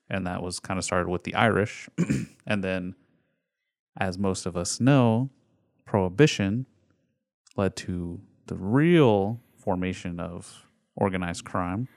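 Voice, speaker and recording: A young man with a lowish voice talks through a story on a casual podcast. He rambles with fillers. The recording is dry and close. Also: clean tone, no room sound. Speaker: podcast co-host.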